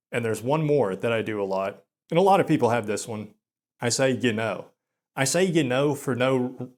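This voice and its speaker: In a self-deprecating vlog monologue, a young man who hosts the channel talks slowly and flatly, stuttering quickly and using lots of fillers. His pitch is medium.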